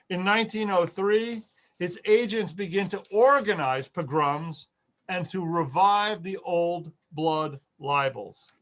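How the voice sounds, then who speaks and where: A man's voice: sits high, fairly bright tone. A man giving an online history lecture over a video call, earnest, repeating key words for emphasis.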